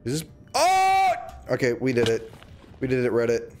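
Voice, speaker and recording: Male streamer, jokey and animated, pitch all over, faint music underneath. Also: moderate pace. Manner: joking, reads chat aloud, sudden squeals and yelps. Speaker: livestreamer. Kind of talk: casual gameplay livestream chatter.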